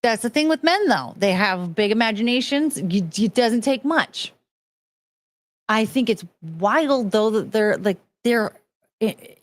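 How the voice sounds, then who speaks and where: A woman's voice: mid-range voice, dry recording. A woman hosting a casual stream, chatting frankly and crudely with viewers, giggling often.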